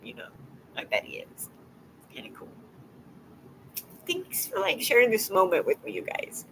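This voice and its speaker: A woman live streaming and chatting casually with her viewers, teary and emotional, talking in a halting, soft way that often trails off into a whisper. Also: on the high side, huge pitch swings, creaky, a little hiss or hum, poor audio.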